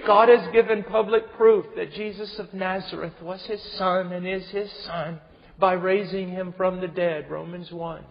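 A man preaching a sermon with passion, swinging from hushed tones to shouting. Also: high voice, level tone, a little slow, creaky. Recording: dull recording with long hall reverb.

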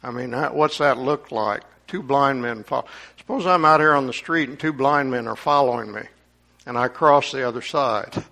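A man's voice: mid-range voice, moderate pace, sharp tone. A man preaching a sermon, reading scripture aloud and commenting on it with rising emphasis.

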